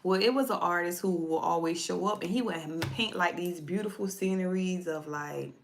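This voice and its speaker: On a casual livestream, a woman who reads tarot shares a personal story with her viewers, speaking straight to them in a chatty, repetitive way. Her voice is lowish with vocal fry, she talks at a normal speed, and there's slight background noise.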